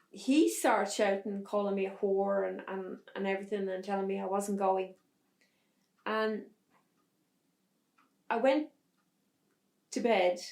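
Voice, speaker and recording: Gravelly woman, echoey room. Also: medium pitch, a little mellow. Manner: halting, restarts under strain. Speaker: podcast guest. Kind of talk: personal testimony in an interview.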